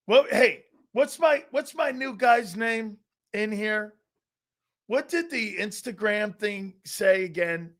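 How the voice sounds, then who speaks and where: A man hosting a live football talk show, bantering loudly, laughing and swearing as he riffs. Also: sits high, takes it slowly. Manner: animated, laughing, bantering, profane. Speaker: sports talk show host.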